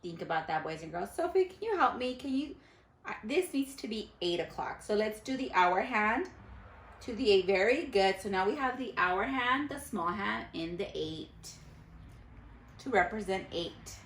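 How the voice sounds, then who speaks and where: A woman's voice: medium pitch, echoey room, a little hiss or hum. A woman teacher reading a picture book aloud to her class, stopping to quiz the children. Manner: animated storyteller who pauses to quiz children.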